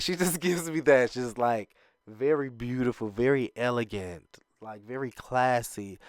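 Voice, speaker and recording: A man's voice: smooth, no room sound, studio quality. Chatty man recapping reality TV. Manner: chatty and animated, laughs often, acts out quoted lines in a higher voice. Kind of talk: casual recap commentary.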